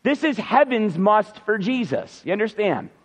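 A man's voice: high voice, big pitch swings, normal speed, long reverb tail. A man preaching a Sunday sermon, earnest and emphatic, repeating key words for stress. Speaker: pastor.

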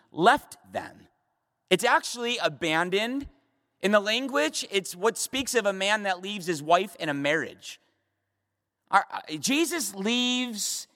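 A man's voice: high voice, sharp tone. A man preaching a midweek Bible study sermon as a pastor, with emphatic repetitions and rhetorical questions. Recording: long hall reverb.

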